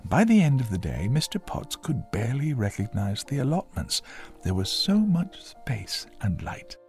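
Gravelly, expressive male storybook narrator. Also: medium pitch, normal speed, soft background music. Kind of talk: children's storybook reading.

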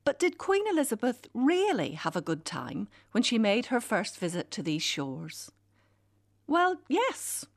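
Wry middle-aged woman telling a story. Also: medium pitch. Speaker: essayist. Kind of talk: scripted personal essay read aloud.

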